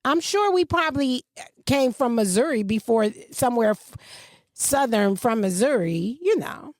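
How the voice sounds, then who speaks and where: A woman, co-hosting a podcast in casual chat and telling stories with swooping pitch. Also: moderate pace, dry recording, studio quality. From Michigan. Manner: animated storyteller, swooping pitch. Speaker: podcast co-host.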